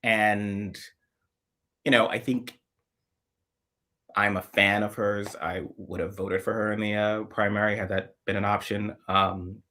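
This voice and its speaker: A man's voice: lowish voice, level tone, unhurried, long pauses, pushed and bright. A man hosting a casual political chat over a video call, chatty and rambling with a playful streak. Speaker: host.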